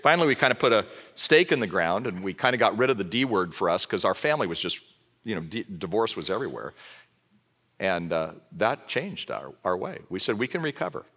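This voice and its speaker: A man's voice: on the low side, brisk. A man in his sixties from Southern California, preaching a sermon full of personal stories and acted-out dialogue. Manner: lively storyteller, acts out dialogue.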